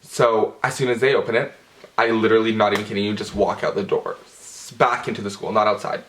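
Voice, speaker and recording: A young man telling a storytime vlog, animated and profane, with dramatic outbursts. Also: fairly low pitch, a little fast, a little hiss or hum. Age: young adult. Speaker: vlogger.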